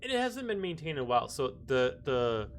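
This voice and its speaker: A man acting as game master, describing scenes and calling for dice checks in a loose, relaxed way. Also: fairly high pitch, a little fast, soft background music. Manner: relaxed, loose narration with fillers.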